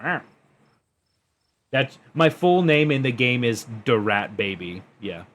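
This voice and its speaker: Young man, game streamer, casual chat, giggly and playful, very lively intonation, mid pitch. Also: slow pace.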